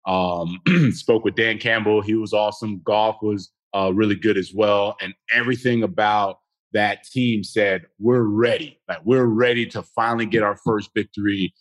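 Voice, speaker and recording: A man, a former football player, telling a game story as a podcast guest in a blunt, emphatic and animated way. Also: on the low side, moderate pace. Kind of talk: casual sports talk.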